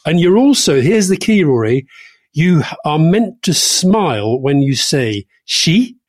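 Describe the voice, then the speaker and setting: A man's voice: a little high, very animated, measured pace, no echo, studio quality. A man co-hosting a political podcast, chatting in a wry way and often repeating his words. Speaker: podcast co-host. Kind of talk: casual political discussion.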